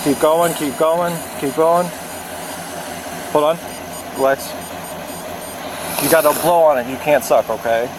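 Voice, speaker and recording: Calm police officer giving instructions. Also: male voice, fairly high pitch, unhurried, long pauses. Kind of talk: roadside police stop. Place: outdoors at night by a road. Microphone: body camera. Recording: noisy outdoor bodycam audio.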